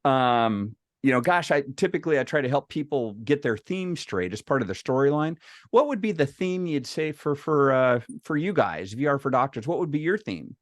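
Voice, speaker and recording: A man's voice: mid-range voice, very animated, moderate pace, no room sound, studio quality. Man telling stories to a meeting. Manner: storytelling with many restarts. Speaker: meeting presenter. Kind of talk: casual workshop talk.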